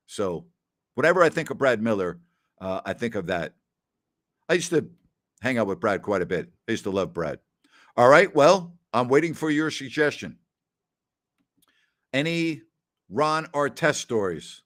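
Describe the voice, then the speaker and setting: A man's voice: mid-range voice, big pitch swings, moderate pace, long pauses, fairly bright tone. A middle-aged man hosting a casual question-and-answer show, chatty and given to anecdotes with quoted dialogue, often saying "absolutely". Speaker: host answering listener questions. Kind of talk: casual Q&A storytelling.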